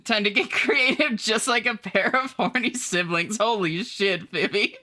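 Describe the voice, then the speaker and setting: Bright-voiced woman streamer chatting with chat. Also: a little slow. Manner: reads viewer chat aloud, greets people in a high sing-song voice, laughs often. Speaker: live streamer. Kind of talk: casual chat with viewers while gaming.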